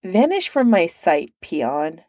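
A woman's voice: fairly low pitch, wildly swooping pitch, takes it slowly, warm tone, dry recording, heavily acted. A woman doing a sardonic, arrogant young prince. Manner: dry, sardonic.

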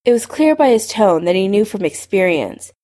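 A woman narrating a fan fiction story in a steady storytelling voice. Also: medium pitch, moderate pace. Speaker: reader.

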